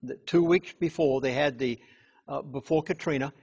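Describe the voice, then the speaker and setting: A man speaking as a chaplain in an interview, talking earnestly and stressing key words hard, with halting restarts. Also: a little high, creaky, darkish tone, breathy edge.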